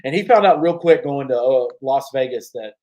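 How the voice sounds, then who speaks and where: A man co-hosting a sports podcast, telling stories in a casual, profane, animated way. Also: medium pitch, moderate pace, low-quality recording. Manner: profane, animated storyteller with bursts of laughter. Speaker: podcast co-host.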